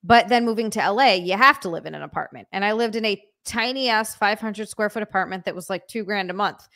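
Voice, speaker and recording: A woman from Hawaii chatting as a podcast guest. She talks quickly and easily, with a relaxed flow broken by the odd filler. Her voice sits at a middle pitch. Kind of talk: casual chat.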